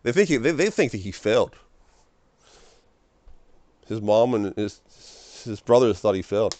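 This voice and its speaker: A man's voice: on the low side, animated, moderate pace, darkish tone. A young man rambling through an emotional personal monologue in a small room, stammering and repeating his words. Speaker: vlogger.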